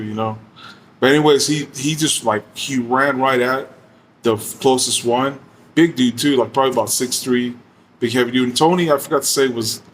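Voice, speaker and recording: Laid-back man telling a rough story. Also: medium pitch, a little hiss or hum. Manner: laid-back, slangy and profane, heavy use of fillers. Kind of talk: casual storytelling.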